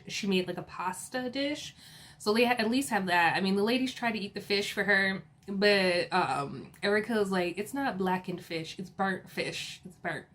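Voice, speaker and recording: A woman hosts a casual recap of a reality TV episode. She talks in a chatty, giggly way, with plenty of fillers and playful asides to her viewers. Her pitch sits in an ordinary middle range. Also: a bit bright.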